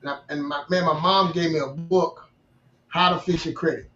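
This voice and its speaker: A man tells a personal story in an animated, repetitive way, his voice sitting a little high. He sounds set back from the mic in a roomy space, and the sound is slightly dull. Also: moderate pace, far from the mic, faint music behind. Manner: animated storyteller, restarts and repeats himself. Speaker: guest. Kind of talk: storytelling in a casual interview.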